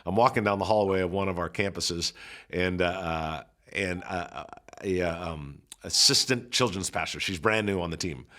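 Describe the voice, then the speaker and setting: A man's voice: low-pitched, moderate pace. A man, a pastor and church coach, talking in a casual coaching conversation and telling stories with acted-out quotes. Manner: animated storyteller who acts out quoted people.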